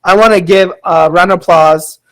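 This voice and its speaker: Male podcast host with a slightly high voice, loose and rambling, frequent ums. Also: steady tone, normal speed, noisy background. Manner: rambling, chatty, with frequent fillers; reads out audience chat comments. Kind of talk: casual storytelling podcast.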